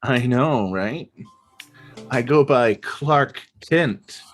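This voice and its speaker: Guy hosting an improv show, rambly and jokey, lots of ums, average pitch. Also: lively intonation, extremely slow, faint music behind. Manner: chatty and rambling, many ums, self-mocking jokes. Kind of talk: casual hosting, explaining game rules.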